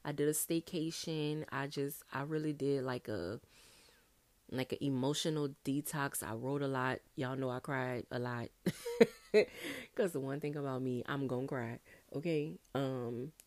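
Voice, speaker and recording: A young woman hosting a casual solo podcast, chatty and animated, talking straight to her listeners. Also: a bass voice, normal speed, no echo. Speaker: podcast host.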